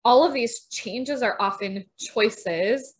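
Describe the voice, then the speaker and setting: This is a woman with a Minnesotan accent co-hosting a podcast. Her voice sits a little high. She talks in a chatty, relaxed way and laughs often. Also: takes it slowly. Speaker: podcast co-host. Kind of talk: casual chat.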